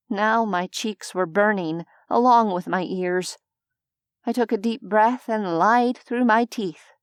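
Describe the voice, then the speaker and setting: A woman reads a first-person audiobook at a slow, steady pace. Her voice sits at a middle pitch, plain and even. The recording is dry and close, with no room sound. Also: clean tone, no echo. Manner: even, unhurried storytelling. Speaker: audiobook narrator.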